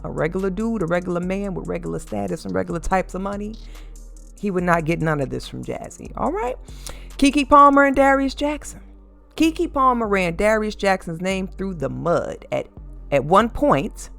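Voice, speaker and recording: Medium-pitched and gravelly, a host offers casual opinion commentary on celebrity couples. The delivery is animated and sassy, mocking fans by quoting them.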